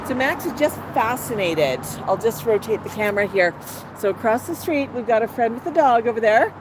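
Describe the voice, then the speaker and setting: A woman's voice: fairly high pitch, lively intonation, fairly quick. A woman vlogging from an outdoor patio, chatting in a sing-song voice and baby-talking to her pet bird. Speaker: parrot owner and channel host. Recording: outdoor recording with street noise. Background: outdoor street ambience with passing cars.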